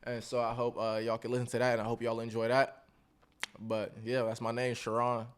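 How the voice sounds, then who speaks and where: A man's voice: mid-range voice, completely flat delivery, fairly quick, smooth. Laid-back young man, podcast guest. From Columbus, Ohio. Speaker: guest musician. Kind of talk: casual chat.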